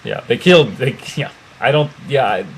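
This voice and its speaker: Hesitant man with a mid-pitched voice. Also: expressive, normal speed, slight background noise. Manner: hesitant, many restarts and "I don't know". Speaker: co-host reviewing a movie. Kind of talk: casual chat.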